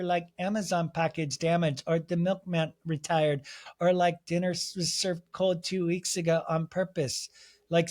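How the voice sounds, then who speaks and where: A man's voice: high-pitched, a little mellow. A man imitating a blunt, skeptical woman who rambles through a list of grievances. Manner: rambling, listing complaints with "like".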